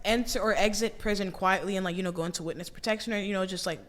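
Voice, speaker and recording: A woman talking casually as a podcast guest, animated and laughing, swearing freely. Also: medium pitch, racing.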